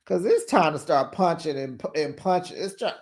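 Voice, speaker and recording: A reality TV recap host giving casual commentary, talking straight to the cast and acting out their lines. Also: medium pitch. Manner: animated, talks straight to the show's cast; acts out cast members' lines in quick put-on voices.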